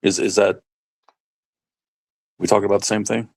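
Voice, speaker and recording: Gravelly low-voiced man, rambling casual chat. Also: fairly even intonation, a little mellow. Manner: rambling, halting, many fillers and restarts. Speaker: stream co-host. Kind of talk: casual live-stream chat.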